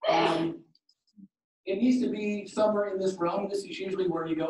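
A man giving a podcasting workshop to a live audience, animated and jokey, acting out quoted exchanges. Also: sits high, fairly quick. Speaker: workshop presenter. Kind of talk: conference talk with slides and Q and A. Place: conference room. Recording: roomy, distant room mic.

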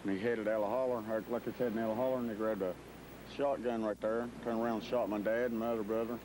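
A man's voice: lowish voice, little pitch movement, fast, background noise. A man with an Appalachian accent giving a plain, matter-of-fact account. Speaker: interviewee. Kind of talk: plain first-person account.

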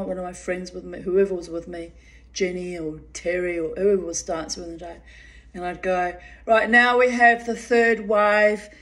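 A woman telling a personal story in a casual way, laughing often and swearing freely. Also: fairly low pitch.

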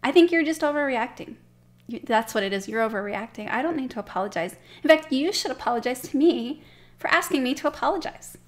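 A woman acting out a wife caught mid-argument, tossing off a half-hearted apology. She justifies herself and turns the blame back on her husband. Her voice sits fairly high and rises as she gets worked up. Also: animated, fast. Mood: indignant. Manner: defensive, justifying, exasperated.

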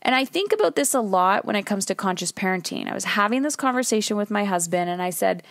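A woman's voice: medium pitch, lively intonation, fast talker, gravelly, dry recording. Woman podcast host, thirties, recording in her car, dry close sound; candid, emphatic, swears casually. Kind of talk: solo podcast monologue.

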